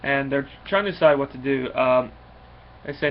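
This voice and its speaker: A man with a medium-pitched voice casually recaps a comic book issue, rambling and halting with lots of fillers and restarts. The recording is slightly dull with faint noise.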